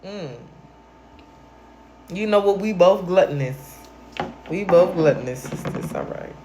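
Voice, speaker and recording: A woman's voice: lowish voice, expressive, measured pace, mellow, a little hiss or hum. A woman hosting a late-night livestream, ranting at viewers in a brash, profane and confrontational way while a little tipsy. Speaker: livestream host.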